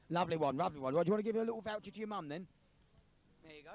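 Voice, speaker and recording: Jovial man with a lively high voice. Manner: jovial, quick to laugh. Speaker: street interviewer collecting jokes. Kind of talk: vox-pop banter.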